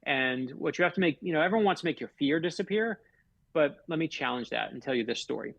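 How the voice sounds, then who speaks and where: A man's voice: fairly high pitch, animated, fast talker, gravelly, fairly bright tone, no room sound, highs cut off. A middle-aged man from Florida, an author guest telling stories in a radio interview with heartfelt, emphatic delivery. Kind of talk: earnest storytelling in a radio interview.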